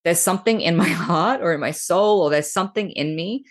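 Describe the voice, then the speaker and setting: A woman's voice: on the low side, a little fast. A woman speaking as a podcast guest, talking frankly and emphatically about spirituality, and swearing freely. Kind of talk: candid spiritual conversation.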